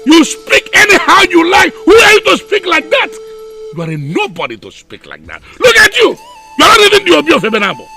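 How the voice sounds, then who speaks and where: A man acts out a Nigerian chief who shouts and brags. His voice is high, bright and gravelly and swings wildly up and down. Soft film music plays behind him. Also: wildly swooping pitch, fast talker, exaggerated voice. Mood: scornful. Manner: shouting, insulting, mixing in Igbo. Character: boastful older village chief, hot-tempered. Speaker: chief in council.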